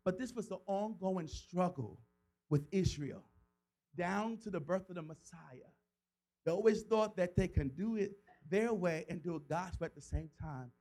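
A male pastor with a notably high voice delivers a sermon. He voices scripture characters dramatically, swinging from soft, low-key explanation to loud, impassioned shouts. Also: moderate pace, poor audio. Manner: preaching with dramatic voiced quotes, rising to shouts.

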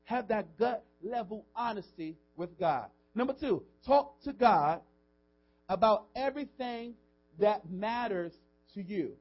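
High-voiced preaching pastor, lo-fi. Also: male voice, animated, slow. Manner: preaching with rising and falling intensity, call-and-response asides. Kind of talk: sermon. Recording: dull lo-fi audio.

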